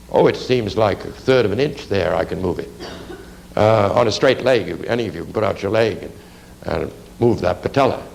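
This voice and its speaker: A man with a mid-range voice and vocal fry teaches anatomy for artists, and the recording quality is low. His lecture is rambling and conversational, full of fillers, asides, and lots of "you see".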